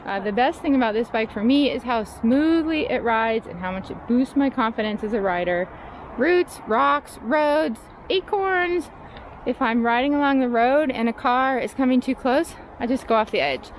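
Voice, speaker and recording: Chatty woman vlogging outdoors, bright voice. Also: on the high side, lively intonation, moderate pace. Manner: chatty, laughs often, self-deprecating. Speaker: vlogger reviewing her bike. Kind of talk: casual chat while riding. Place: outdoors on trails and roads. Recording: noisy outdoor recording.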